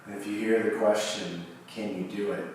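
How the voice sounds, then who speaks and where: A man leads a yoga class, calmly giving cues and leaving long pauses. His voice is low and his delivery slow. He sounds distant from the mic, in a strongly echoing studio with faint noise behind. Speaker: yoga teacher. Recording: distant mic in a very echoey room.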